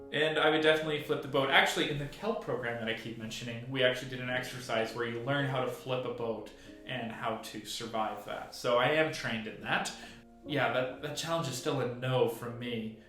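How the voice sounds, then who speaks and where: A young man hosting a casual recap video, chatty and quick to laugh. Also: mid-range voice, a bit bright. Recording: very echoey room.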